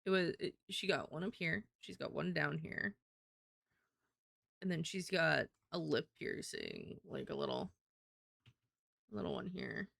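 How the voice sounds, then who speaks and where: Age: adult. Sex: woman. Role: streamer. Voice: gravelly, lively pitch. Style: chatty live-stream talk while drawing. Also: measured pace, long pauses, dry recording, studio quality. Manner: chatty, thinking aloud, self-deprecating.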